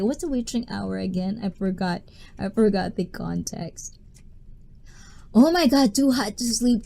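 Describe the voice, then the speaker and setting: A woman's voice: fairly high pitch, animated, takes it slowly, gravelly, mellow. A woman hosting a casual livestream, chatting playfully, reading viewers' messages aloud and laughing often. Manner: playful, talkative. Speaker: livestream host.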